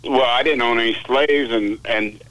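Male radio caller, mid-pitched voice, blunt and dismissive, heard over a broadcast line. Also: moderate pace, fairly bright tone, no echo, poor audio. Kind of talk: call-in phone conversation.

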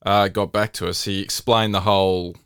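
Podcast co-host: man, smooth low voice, dry wit, close and dry sound. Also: flat delivery, moderate pace, a bit bright, no room sound. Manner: dry wisecracking, lots of fillers. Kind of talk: casual chat.

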